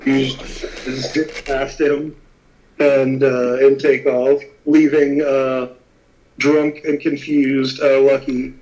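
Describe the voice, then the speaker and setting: A man running a tabletop game as game master, casual and quick to laugh. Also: mid-range voice, flat delivery, a little mellow, rough recording.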